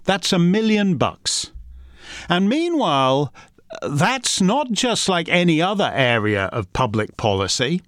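A man's voice: a little high, sing-song, a little slow, fairly bright tone, no echo, studio quality. A man hosting a members' question session, rambling and combative, with many restarts. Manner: reads out listener questions. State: uses a wheelchair. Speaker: host answering member questions. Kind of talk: casual monologue.

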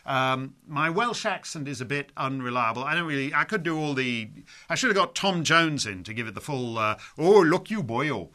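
A man with a bright, forceful voice, talking through listener letters as host. His commentary is measured and opinionated, broken up by frequent pauses and "uh"s. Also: mid-range voice, lively intonation. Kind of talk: conversational commentary.

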